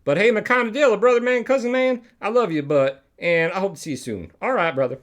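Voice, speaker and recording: A man's voice: high voice, a little fast, pitched above the performer's own voice, natural voice. A man voicing a shaggy male monster puppet who is laid-back and overly chummy, calling everyone brother and cousin in a drawling voice.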